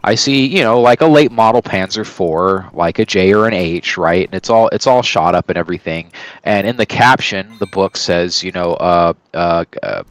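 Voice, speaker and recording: A man's voice: low-pitched, moderate pace, dry recording, low-quality recording. A man streaming and telling a long story in casual chat, rambling and swearing, often checking in with "right?". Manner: rambling, profane, keeps asking "right?".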